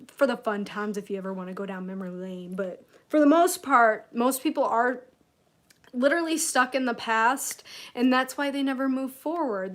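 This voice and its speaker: Michigan-raised lady doing a casual self-help livestream from her house, lots of "you know", giggles a lot. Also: a little high. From Michigan, USA. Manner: chatty, laughs often, many "you know" fillers. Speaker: self-help mentor streamer. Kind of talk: casual livestream chat, reading comments. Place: at home, room with candles and incense.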